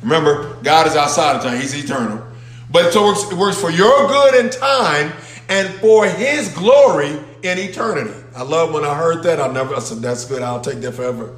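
This pastor's voice is a little high, with lively intonation and a moderate pace. Preaching emphatically to his congregation in a church sanctuary, he throws questions out to the people while the room echoes around him.

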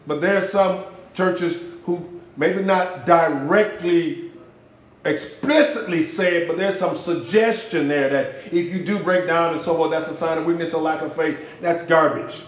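Impassioned preacher man, echoey room. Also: a little slow. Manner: impassioned, swings from loud shouts to low hushed lines; uses street slang for emphasis. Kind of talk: sermon.

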